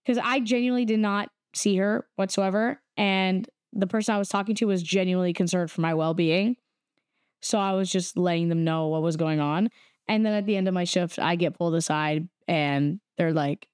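A young woman casually telling a story, animated and quoting people as she goes. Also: medium pitch, moderate pace, clear, resonant tone, dry recording, clean studio sound. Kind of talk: casual chat.

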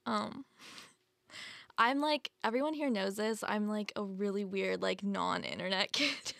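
A woman guest chats on a podcast in a soft, measured voice that sounds like a radio announcer. Her voice has a gravelly creak, and she fills her sentences with "like". The recording is dry and close. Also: medium pitch, steady tone, no echo. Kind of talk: casual podcast chat.

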